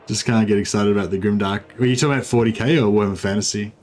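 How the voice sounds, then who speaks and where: A man's voice: on the low side, steady tone, racing, darkish tone. A man casually commentating a livestream of a strategy game, rambling with many fillers and restarts. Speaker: streamer.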